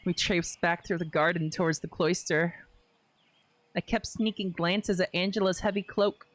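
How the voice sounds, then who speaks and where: A young adult woman streaming a game, reading the narration steadily between loud, laughing, swearing reactions. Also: fairly low pitch, fairly even intonation, normal speed.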